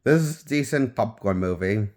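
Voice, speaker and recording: Low-voiced man rambling through a review. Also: lively intonation, moderate pace, a little mellow. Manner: rambling, restarts sentences, offhand opinions. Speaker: film reviewer. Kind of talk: casual spoken movie review.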